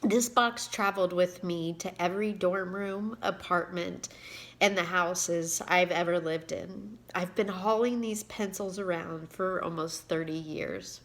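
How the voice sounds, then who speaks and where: A woman in her forties from Indiana, an author who records a personal video and reads aloud from her book, emotional and halting at times. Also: lowish voice, steady tone, a bit bright. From Indiana, USA. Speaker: author and giving speaker.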